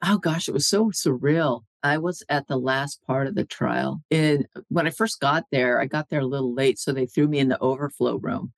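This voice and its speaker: A woman's voice: rumbling low, moderate pace, vocal fry, hardly any pauses, dry recording. A woman guest in a casual chat, telling stories with lots of laughter and acting out what people said. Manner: animated storyteller, laughs often, acts out quoted dialogue.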